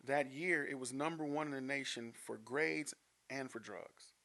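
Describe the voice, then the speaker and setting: A man in his fifties from Denver, Colorado, USA, appears as a podcast guest, animatedly telling personal stories and laughing often. His voice is medium in pitch and creaky, at a moderate pace.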